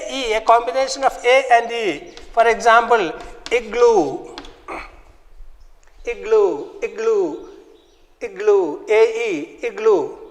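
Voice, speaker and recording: A man teaches a phonics lesson in a very high voice. He speaks slowly and drills each sound and word again and again, and a long reverb trails behind him. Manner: slow, repetitive, drills words aloud. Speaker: English teacher.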